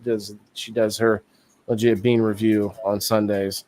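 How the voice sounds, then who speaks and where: A man's voice: on the low side, level tone, unhurried, a little mellow, dry recording. A man in his thirties hosting a live-stream talk show in casual chat, rambling and thinking aloud with easy laughs.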